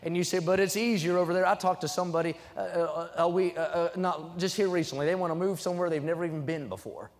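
Fervent young preacher in a reverberant church. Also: male voice, fairly high pitch, quick pace, few pauses. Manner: emphatic, climbing to loud fervent peaks; reads scripture aloud between points. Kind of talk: sermon. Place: church sanctuary.

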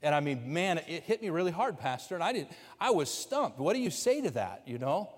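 Baptist pastor preaching in a reverberant church. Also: male voice, fairly high pitch, big pitch swings, a little fast, slightly rough. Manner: conversational storytelling, voicing quoted people, building to loud preaching. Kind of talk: storytelling sermon. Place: church sanctuary. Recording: long hall reverb from a church sanctuary.

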